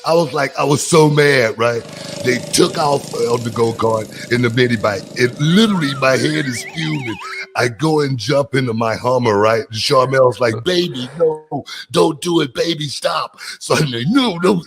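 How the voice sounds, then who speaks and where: A man hosting a podcast in casual chat, talking loosely with many fillers and growing animated as he tells stories. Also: mid-range voice, normal speed, noisy background. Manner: loose, filler-heavy, drawling delivery; lively, animated when telling stories. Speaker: podcast host.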